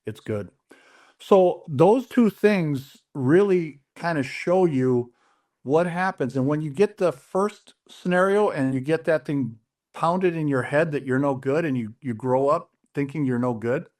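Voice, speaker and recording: A man's voice: fairly high pitch, a little slow, darkish tone. A middle-aged man telling his personal story in an interview, earnest and plain-spoken, often restarting his sentences as he retells conversations. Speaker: interview guest.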